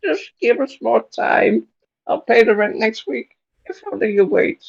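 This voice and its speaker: A man doing a high quavering old aunt. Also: animated, measured pace, gravelly, dull audio, heavily acted. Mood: pleading. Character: frail elderly woman, pleading aunt.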